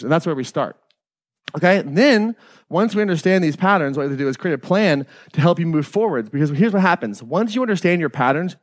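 A man's voice: a little high, dry recording, studio quality. A middle-aged man leading a live workshop, talking casually and with profanity, often checking in with the audience by asking "right?". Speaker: workshop leader.

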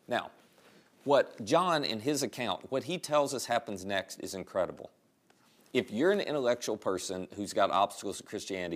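A male pastor preaching a sermon in a conversational, storytelling way. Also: lowish voice.

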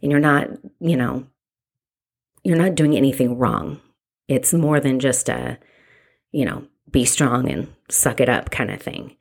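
A woman, a mother, telling her own story in a candid, reflective way, halting and restarting as she goes. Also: rumbling low, lively intonation, vocal fry, darkish tone, breathy edge. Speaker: mother sharing a personal story. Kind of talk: candid personal testimony.

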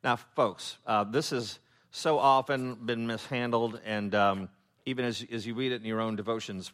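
A man preaching in a relaxed, off-the-cuff way, with lots of fillers and restarts. He jokes as he goes and slips into character voices for the people he quotes. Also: mid-range voice, moderate pace. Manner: humorous, acts out quoted voices; loose, with many fillers and restarts. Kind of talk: conversational Bible teaching.

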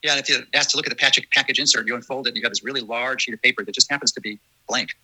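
A man's voice: medium pitch, fairly even intonation, rapid-fire, sharp tone, rough recording. A man hosting a casual discussion, talking earnestly and emphatically, often restarting his sentences.

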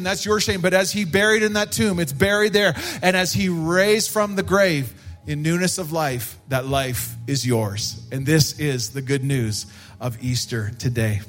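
A man preaching a sermon in a church service, slow and emphatic, and he lifts his voice to stress his points. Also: high voice, fairly bright tone. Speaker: pastor.

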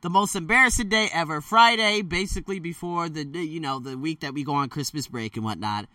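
A man with a bright, slightly higher voice tells a rambling story straight to his viewers. He talks loosely, with lots of fillers and quick self-corrections, and slips into lively voices for the people he quotes. He sounds dry and a bit set back from the mic. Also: no echo, distant mic. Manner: animated, jumps into quoted voices. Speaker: storyteller vlogger. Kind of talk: casual spoken storytelling.

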